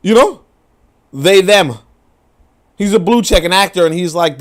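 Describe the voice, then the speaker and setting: A young adult man hosting a casual live-stream, reading viewer comments and riffing with profane, animated storytelling and mocking quoted voices. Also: high voice, measured pace. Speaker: livestream commentary host.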